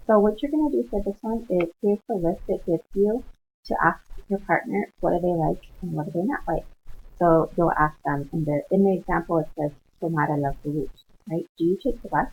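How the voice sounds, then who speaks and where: A woman with a fairly low voice, patient and kind, guides her students through online coursework on a shared screen, blending Spanish words into her English. She's a Spanish instructor. The audio sounds tinny and lo-fi, like a phone, with a faint hiss or hum.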